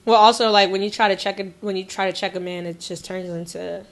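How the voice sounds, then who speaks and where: A woman co-hosting a podcast who talks in a casual, reflective way, often hesitating and trailing off softly. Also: medium pitch, steady tone, quick pace. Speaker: podcast co-host. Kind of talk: casual chat.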